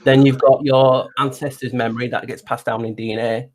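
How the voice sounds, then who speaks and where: A man's voice: mid-range voice, level tone, a little fast, darkish tone. A man from near Liverpool with an English accent, a guest explaining ideas in an easygoing, casual chat. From England, near Liverpool.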